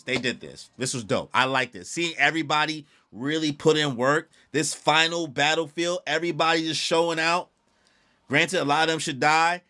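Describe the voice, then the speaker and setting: A young man streaming a live comic reaction, excitable and slangy, full of exclamations. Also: on the high side.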